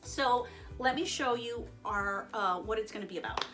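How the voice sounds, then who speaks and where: A high-pitched woman teaches young children Spanish in a relaxed online lesson. She sounds bright and clear as she chats playfully, cracks small jokes and drops Spanish words into her English. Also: normal speed, faint music behind.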